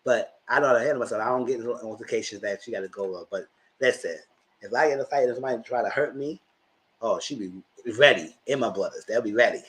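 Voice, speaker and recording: A man's voice: medium pitch, fast talker, rough recording. A man in his thirties giving chatty, slangy live commentary as host of his channel. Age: 30s.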